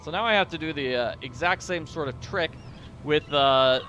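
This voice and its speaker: A man's voice: on the high side, normal speed, sharp tone, faint music behind. A man giving goofy, rambling, self-deprecating commentary as he plays a mystery game. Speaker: let's-play host. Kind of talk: casual gameplay commentary.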